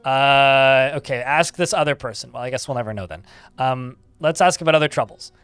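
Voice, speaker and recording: A man's voice: medium pitch, a little fast, fairly bright tone, smooth, no room sound, faint music behind. A man giving casual live gameplay commentary, chatting, reading game text aloud and swearing casually. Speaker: game streamer.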